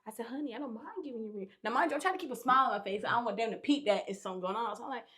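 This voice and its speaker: A woman's voice: on the high side, rapid-fire, sharp tone, slight background noise. A young woman, a podcast guest, telling a story in casual chat, candid and profane, acting out what people said.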